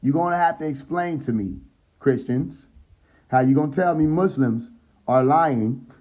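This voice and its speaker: A man's voice: mid-range voice, dark tone, lo-fi sound. A man on a phone live stream, retelling a scripture story in casual, profane street talk and checking in with his viewers. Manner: retells the story with acted quotes and laughs at his own jokes. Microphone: phone mic on a social live stream.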